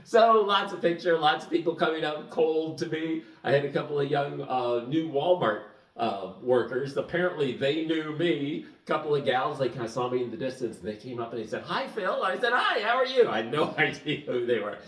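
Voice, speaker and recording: A man telling a story to the camera in a casual, animated way, chuckling as he goes. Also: on the high side, fairly quick. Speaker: vlogger. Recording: echoey room, mic at a distance.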